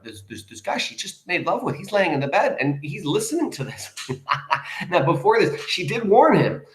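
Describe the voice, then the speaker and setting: Guy teaching a poem, excited and chatty, mid voice, echoey room. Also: medium pitch. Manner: chatty, enthusiastic, shifts between soft reading and excited asides. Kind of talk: reading and explaining a poem.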